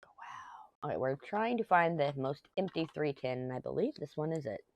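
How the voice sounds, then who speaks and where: Low-voiced chatty mom. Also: female voice, lively intonation, normal speed, darkish tone, muffled recording. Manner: rambling family storytelling, chatty asides. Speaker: craft vlogger. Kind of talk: casual chat while crafting. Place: home craft room.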